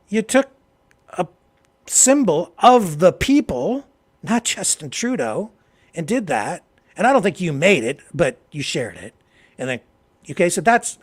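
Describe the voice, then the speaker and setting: A Canadian man hosting a political talk show, delivering impassioned commentary that swings from low, quiet remarks to loud, emphatic outbursts. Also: big pitch swings, a little slow. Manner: heated, addresses a co-host directly.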